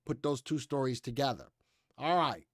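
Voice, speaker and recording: A man's voice: mid-range voice, moderate pace, dry recording, studio quality. An American man hosting a live stock market show in casual, chatty commentary, reading headlines aloud and skimming past parts. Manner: chatty, reads headlines aloud and skims with "blah, blah".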